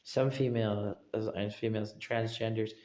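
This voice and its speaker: A man's voice: on the low side, steady tone, normal speed, darkish tone, reverberant. A man streaming, rambling and repeating himself as he keeps asking listeners if they agree. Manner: rambling, repetitive, asks for agreement. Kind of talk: casual livestream rambling.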